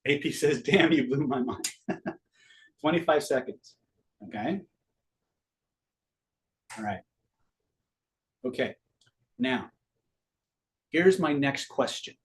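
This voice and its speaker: A man's voice: mid-range voice, expressive, slow pace, long pauses. A middle-aged man teaching a live online master class in a casual way, swearing freely and quizzing his audience.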